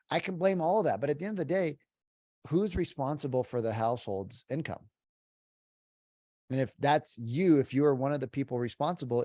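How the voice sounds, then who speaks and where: A middle-aged man talking shop on a podcast, pushing his points hard and tagging them with "right?" and "like". His voice sits at a mid pitch, and the recording is close and dry with little room sound. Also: darkish tone, no echo. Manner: emphatic, peppered with "like" and "right?". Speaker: podcast guest, sales trainer. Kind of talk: casual podcast talk.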